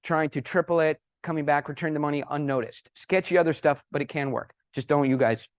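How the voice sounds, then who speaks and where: Animated male conference speaker, bright-toned. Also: fairly high pitch, fairly quick, no room sound, studio quality. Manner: animated, emphatic anecdote-telling. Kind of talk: presentation with storytelling.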